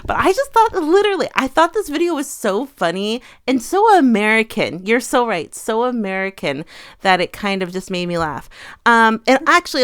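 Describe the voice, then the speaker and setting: Woman, co-host, casual chat, chatty, laughs often, smooth voice. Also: medium pitch, fairly bright tone, no room sound, clean studio sound. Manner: chatty, retells clips with laughter.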